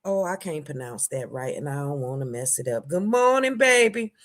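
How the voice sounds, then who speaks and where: A woman hosting a casual livestream, greeting viewers by name, her voice jumping between loud bursts and low asides. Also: lively intonation, normal speed. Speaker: livestream host.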